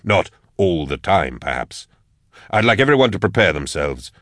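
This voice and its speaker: A man voicing a stern older male inquisitor who speaks slowly and deliberately. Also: sits low, sing-song, fairly bright tone, dry recording, clean studio sound. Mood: grave. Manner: slow, deliberate, grave.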